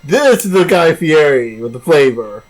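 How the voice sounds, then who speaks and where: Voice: medium pitch, big pitch swings, moderate pace, soft background music. A gamer voicing a boastful crow gate guardian, cawing and gloating in a loose celebrity-chef impression.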